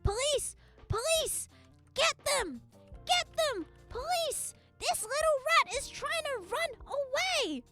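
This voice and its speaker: A woman playing a loud bossy waitress. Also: very high-pitched, lively intonation, slow pace, pauses often, soft background music, pitched above the performer's own voice, full character voice. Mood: shouting. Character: pushy, shrill restaurant waitress.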